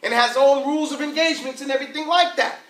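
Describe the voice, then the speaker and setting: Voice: high voice, very fast, a bit bright. An Arabic teacher, teaching a class casually in slangy talk and often checking that everyone follows. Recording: echoey room from far off.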